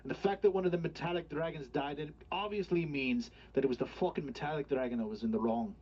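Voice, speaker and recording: A man's voice: a little high, quick pace, darkish tone, husky. A man voicing an angry, proud dwarf king who talks bluntly and swears, over a dull lo-fi mic.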